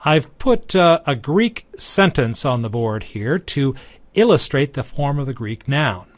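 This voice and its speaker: A man giving a recorded lecture, teaching in a measured, deliberate way. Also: mid-range voice, big pitch swings, no room sound.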